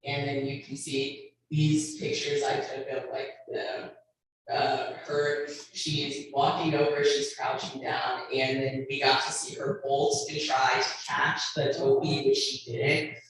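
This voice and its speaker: A young woman telling a funny trip story at a church panel, animated, laughing, with lots of likes and ums. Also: a bass voice, slow. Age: young adult. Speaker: panelist sharing a mission trip. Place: church hall. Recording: echoey hall from far off, audience.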